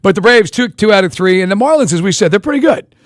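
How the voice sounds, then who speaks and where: A man hosting sports talk radio, racing through his points in a high, quick voice. He rambles and jumps between ideas with animated energy, recorded dry and close on a studio mic. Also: dry recording.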